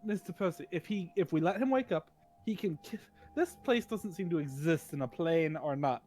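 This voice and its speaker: High-voiced insistent gamer man. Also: normal speed, a little mellow, soft background music. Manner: insistent, argues his point. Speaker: player. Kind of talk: casual tabletop play.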